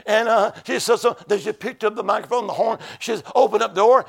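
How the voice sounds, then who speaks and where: A man preaching as an evangelist in a church, shouting in rhythmic bursts and breaking into tongues. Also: high voice, brisk, creaky, hardly any pauses. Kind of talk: sermon. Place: church with a keyboard player.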